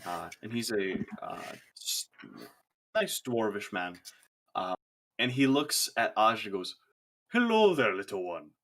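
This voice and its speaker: A man's voice: lowish voice, slow pace, fairly bright tone. A man running a tabletop game as game master, narrating in an easygoing way with frequent laughs and fillers.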